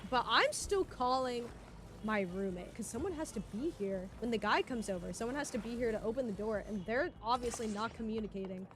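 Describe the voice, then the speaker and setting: A woman in her twenties telling a casual story on stream, animated and full of fillers. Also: a little high, fairly quick, a little hiss or hum. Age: 20s. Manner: animated, filler-heavy, laughs often.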